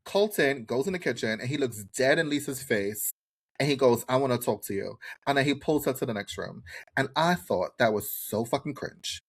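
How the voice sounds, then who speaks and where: Man, podcast co-host, casual recap chat, animated, swears freely, mid-pitched voice. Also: breathy edge. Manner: animated, profane, quick to mimic others.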